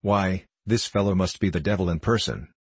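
A man's voice: deep voice, a little fast, husky, dry recording. A man reading the part of a haughty, coldly menacing nobleman in an audiobook. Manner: cool, imperious, coldly menacing.

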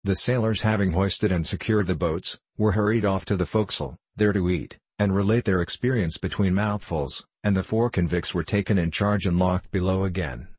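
A man narrating a novel in a steady, measured audiobook reading. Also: sits low, husky, no echo.

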